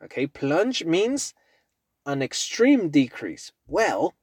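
A man hosting a podcast language lesson as an English teacher, slow and patient, repeating words for the listener to practice. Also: fairly high pitch, huge pitch swings, a little mellow, husky, dry recording, studio quality.

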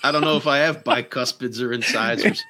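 A man who is a guest comedian on a podcast, pitching an improvised product in a halting, filler-laden storytelling way. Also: noisy background.

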